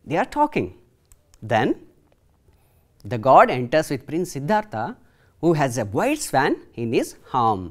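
Female teacher, TV classroom lesson, lively questioning delivery. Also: on the low side, moderate pace. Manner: explains words and asks students questions, switching between English and Kannada. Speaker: English teacher.

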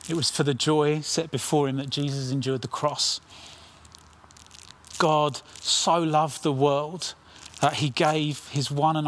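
A middle-aged man preaching a sermon with earnest intensity, dropping his voice low on key lines. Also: fairly bright tone, slight background noise. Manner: earnest, dramatic pauses, drops to near whisper on key lines.

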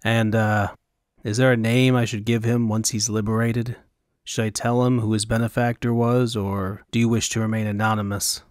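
A man voicing a wary, grumbling male sellsword who mutters his lines low and dry. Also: flat delivery, moderate pace, no room sound, close to an everyday voice.

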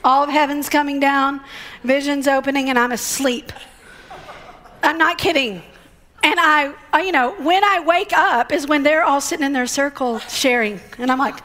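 A middle-aged woman, preaching as a guest speaker and telling a story in a lively, conversational way with acted-out quotes. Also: high voice, normal speed. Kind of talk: sermon.

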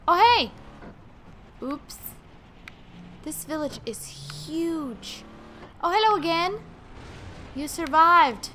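A high, bright-voiced woman giving let's play commentary. She chats along and talks straight to the characters on screen, her pitch bouncing about, with a faint hiss behind. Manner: chatty, talks to game characters. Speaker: gaming video host.

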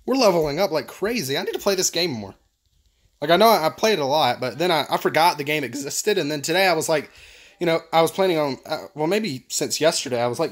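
A man hosting a gaming video, commentating with excitable, exclamatory energy. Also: fairly high pitch, fairly quick. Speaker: gaming channel host.

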